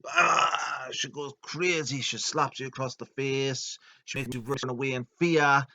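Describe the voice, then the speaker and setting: Bright-voiced man telling jokes. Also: medium pitch, fairly even intonation, unhurried. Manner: jokey, puts on silly voices for quoted characters. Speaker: video narrator. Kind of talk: comedic storytelling.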